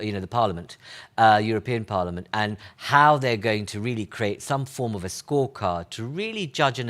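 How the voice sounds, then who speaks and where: A man moderating an online panel, brisk and prompting his guests with pointed questions. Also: on the low side, fairly bright tone. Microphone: video call.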